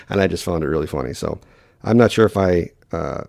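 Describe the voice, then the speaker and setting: A man from Wisconsin with a Wisconsin accent, hosting a casual solo podcast in quick, rambling talk full of fillers. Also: low-pitched, gravelly, warm tone, no echo, clean studio sound. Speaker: podcast host.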